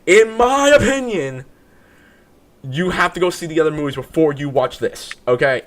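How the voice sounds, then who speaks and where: A man hosting a casual movie review chat, animated and insistent, often repeating himself. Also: a little high, normal speed. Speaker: movie review podcast host.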